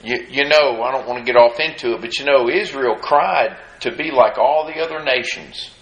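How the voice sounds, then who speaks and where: A man preaching a sermon. He reads scripture in a measured cadence and asks the congregation folksy rhetorical questions. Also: mid-range voice, a bit bright. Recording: echoey room.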